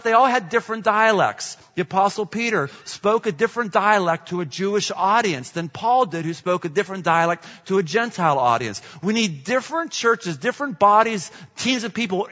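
A man preaching a sermon as pastor, energetic and joking, with strong emphasis. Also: high-pitched. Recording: dull reverberant hall sound.

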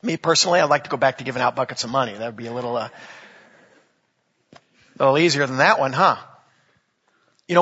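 A pastor delivers a sermon in a chatty way, dropping jokes and asides between scripture readings. His voice sits high and bright with a husky edge. The sound rings through a large church hall on a dull, lo-fi recording. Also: expressive, fairly quick. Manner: conversational preaching with jokes and asides.

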